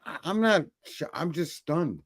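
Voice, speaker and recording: A man's voice: on the high side, lively intonation, a little slow. A man co-hosting a casual political chat, rambling, swearing often and restarting his sentences. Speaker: podcast co-host.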